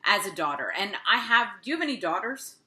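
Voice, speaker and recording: A woman's voice: mid-range voice, very animated, quick pace, pushed and bright. A middle-aged woman hosting an interview, talking in an enthusiastic, gushing, chatty way. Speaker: podcast host. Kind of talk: casual interview chat. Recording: echoey room.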